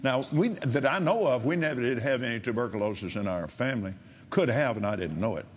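An older man preaching, telling a story in a halting way with repeated words, then rising to loud, emphatic preaching. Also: mid-range voice, animated. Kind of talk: sermon storytelling.

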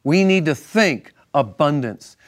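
A man's voice: fairly high pitch, lively intonation, slow. A male minister teaching from the Bible on a Christian talk show, emphatic and repetitive in a preacherly way.

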